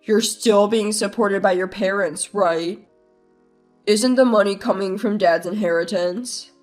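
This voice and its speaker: A woman's voice: medium pitch, measured pace, a little mellow, soft background music, pitched below the performer's own voice, lightly acted. Woman voicing a smug, mocking grown brother. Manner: mocking, condescending.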